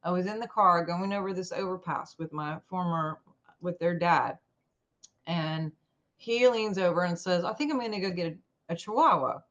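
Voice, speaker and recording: A woman guest in an interview telling a personal story in an animated way, acting out the lines of the people in it. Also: fairly low pitch, moderate pace, highs cut off. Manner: animated, acts out quoted dialogue.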